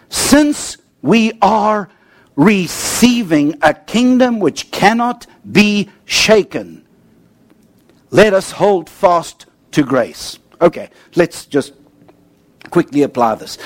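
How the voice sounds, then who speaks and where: A man preaching a sermon, telling humorous stories and swinging between excited highs and quiet, serious lows. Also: breathy edge, dry recording. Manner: animated storytelling with jokes, swinging from high to low.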